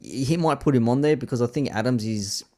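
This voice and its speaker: An Australian man, a guest on a football podcast, thinking aloud in a halting way with frequent restarts. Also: mid-range voice, darkish tone. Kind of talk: casual football podcast chat.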